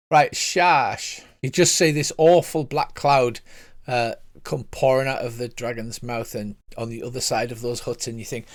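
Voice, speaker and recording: Man, game master, tabletop game narration, mid-pitched voice, relaxed and chatty, lots of fillers. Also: moderate pace.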